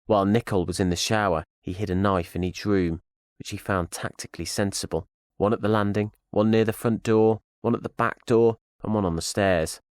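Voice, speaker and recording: A man reading a thriller audio drama as narrator, in a steady storytelling manner. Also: fairly low pitch, a little fast, dry recording, clean studio sound.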